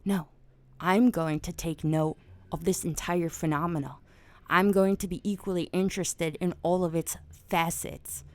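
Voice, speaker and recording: Woman host, low-pitched, casual explainer, dry close recording at home. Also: moderate pace, dry recording. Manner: animated, swearing and loud when excited. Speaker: podcast host. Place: at home at night.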